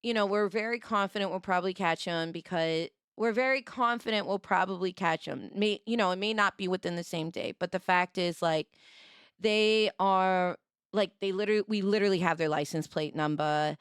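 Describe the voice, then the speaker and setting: A young woman streamer telling a story in a casual, animated way, laughing and acting out the people she quotes. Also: on the low side, clean tone, no room sound, clean studio sound.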